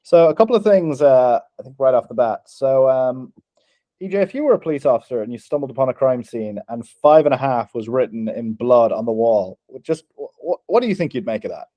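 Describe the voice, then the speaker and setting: A young man co-hosting a comedy podcast, halting and giggly, restarting his sentences often. His tone is mellow and warm at a middle pitch. The sound is close and dry. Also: expressive, no echo. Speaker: podcast co-host. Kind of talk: casual comedy chat.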